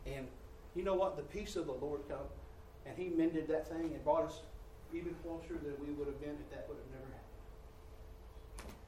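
A man preaching a sermon, telling a personal story and confessing, moving from hushed passages to loud, exasperated outbursts. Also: on the high side, moderate pace, a little hiss or hum. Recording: echoey room, distant mic, faint ambience.

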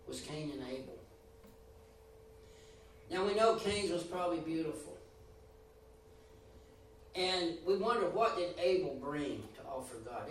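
A preacher with a fairly high voice swings his emphasis up and down and performs the voices of those he quotes. He sounds far off in an echoey room, with a little hiss or hum.

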